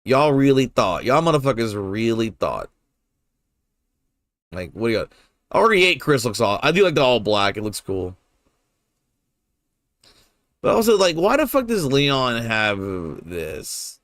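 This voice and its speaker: Animated, swearing young man streaming games. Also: mid-range voice, a little slow, long pauses, dry recording. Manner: rambling, swears freely, laughs often. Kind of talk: casual gameplay commentary.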